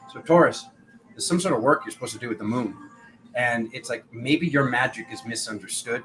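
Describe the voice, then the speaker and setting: A man's voice: medium pitch, fairly quick, music in the background, low-quality recording. A young man giving a spiritual tarot reading, rambling and acting out the voices of people in his stories. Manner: rambling, acts out quoted voices. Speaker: tarot reader.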